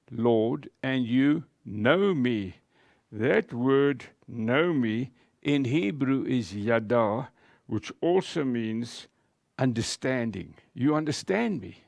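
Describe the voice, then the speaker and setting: A man preaching a sermon as pastor, speaking in a slow, emphatic way with deliberate pauses. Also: mid-range voice, gravelly, a little mellow, no room sound, studio quality.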